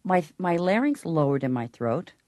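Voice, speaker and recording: A woman's voice: on the low side, big pitch swings, moderate pace, mellow, dry recording, studio quality. A woman who teaches voice, explaining technique in an interview and breaking into short sung examples. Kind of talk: interview with sung and spoken vocal demonstrations.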